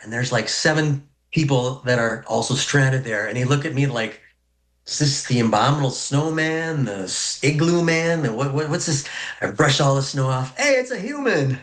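A man from North Dakota telling a humorous personal story in a folksy, lively way. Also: fairly high pitch. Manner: folksy, humorous, animated pacing. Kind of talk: personal story told to an audience.

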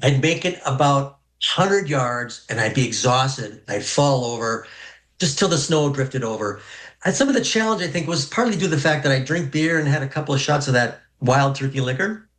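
A man's voice: medium pitch, normal speed. Folksy man telling a funny story. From North Dakota. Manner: folksy, humorous, animated pacing. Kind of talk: personal story told to an audience.

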